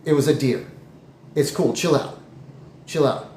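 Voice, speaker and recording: A man's voice: mid-range voice, a little slow, darkish tone, natural voice. A man voicing a rattled young road-tripper from the eighties who is hurriedly talking his friend down. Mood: reassuring. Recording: echoey room, faint noise.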